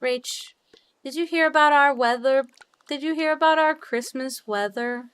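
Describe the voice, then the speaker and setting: A young woman streamer chatting casually with her viewers while decorating in a game, bubbly and quick to swear. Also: high voice, fairly bright tone. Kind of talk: casual live-stream chat while gaming.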